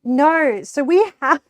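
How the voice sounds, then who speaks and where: Streaming live as she cooks, this young Australian woman talks extremely slowly in a high, animated voice, captured in a dry recording. Her casual, rambling chat is full of laughs and offhand swearing.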